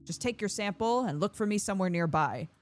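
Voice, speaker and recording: A folksy male water carrier reassures everyone in a homely, easygoing way, as a woman reads his game dialogue aloud. His lines carry a plain-spoken, working-man warmth. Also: mid-range voice, animated, brisk, soft background music, natural voice. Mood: reassuring.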